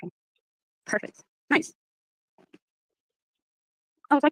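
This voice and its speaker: A woman's voice: mid-range voice, expressive, racing, no echo. A middle-aged woman in casual chat, talking in a chatty, candid, emphatic way. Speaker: chat participant.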